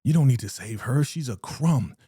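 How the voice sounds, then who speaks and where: A man's voice: medium pitch, lively intonation, moderate pace, warm tone, husky, dry recording, clean studio sound, pitched above the performer's own voice. A man voicing a scheming, manipulative woman who gives bossy commands. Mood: commanding.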